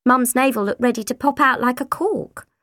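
A woman narrating an audiobook, with expressive voices for each character. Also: sits high, normal speed, no echo, clean studio sound.

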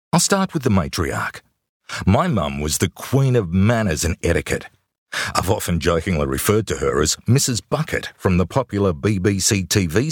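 A man's voice: sits low, no echo, clean studio sound. A man reading his own memoir aloud in a wry, conversational storytelling manner. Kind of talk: audiobook memoir narration.

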